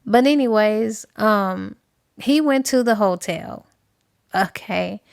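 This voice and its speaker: A woman's voice: mid-range voice, slow pace, vocal fry, clean tone, no echo, studio quality. Chatty woman retelling a novel. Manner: chatty retelling with fillers, acting out quotes. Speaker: book reviewer. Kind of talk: casual book recap.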